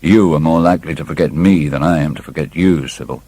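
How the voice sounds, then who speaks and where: Sulky harsh lad read by a guy, blunt and gloomy, deep husky voice. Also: fast, dark tone. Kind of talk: audiobook character reading.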